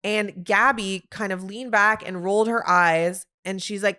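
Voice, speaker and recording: A woman hosting a solo sports podcast, talking in an animated, opinionated way with quick asides. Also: mid-range voice, smooth. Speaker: podcast host.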